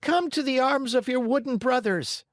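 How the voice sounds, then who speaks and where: A man voicing an excited wooden male marionette clown who yells wildly in a high voice. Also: normal speed, no room sound, studio quality. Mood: thrilled. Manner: shouting wildly.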